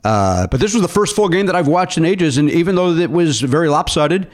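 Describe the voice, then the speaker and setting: A man's voice: on the high side, a little fast. A middle-aged man hosting a comedy podcast, chatting casually and riffing on self-mocking running jokes. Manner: joking, self-mocking running bits, animated. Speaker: podcast host.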